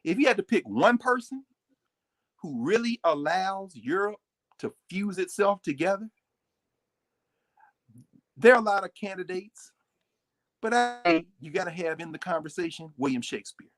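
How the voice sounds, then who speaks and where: A man giving a live, lecture-style talk as the guest on a recurring segment, animated and digressive, often breaking off his own sentences. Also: high-pitched, moderate pace, long pauses. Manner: animated, digressive, interrupts himself.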